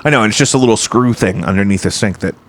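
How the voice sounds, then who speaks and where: A man's voice: lowish voice, very fast, slight background noise. A man hosting a casual livestream chat from his home basement, rambling and teasing. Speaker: podcast host.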